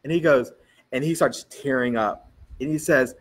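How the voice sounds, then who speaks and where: A man's voice: mid-range voice, moderate pace, slightly rough. A male pastor preaching a sermon in a church, telling stories and acting out what people said. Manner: animated storytelling, quoting people in dialogue.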